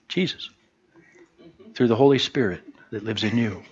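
A man's voice: on the low side, normal speed, darkish tone, breathy edge, dull audio. A man preaching a sermon to a small church in a conversational way, often stopping to restart and quoting short lines. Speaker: pastor.

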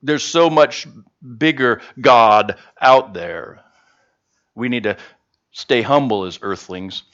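A man's voice: mid-range voice, slow pace, muffled recording. A man preaching a sermon to his congregation in a casual, conversational way, joking with them as he goes. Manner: humorous, conversational, animated. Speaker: pastor. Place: church service.

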